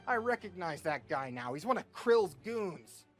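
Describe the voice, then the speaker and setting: A man's voice: sits high, sing-song, unhurried, soft background music, exaggerated voice. A man voicing a grumpy, broke male crook who talks in a snappy, sarcastic way. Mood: alarmed. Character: grumpy broke male self-described psychopath.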